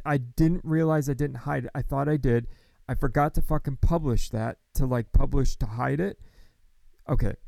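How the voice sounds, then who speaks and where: Blunt, gravelly man venting candidly. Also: medium pitch, mellow, dry recording, rough recording. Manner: blunt, heavy swearing, frank and worked up. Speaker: vlogger. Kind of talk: candid personal monologue.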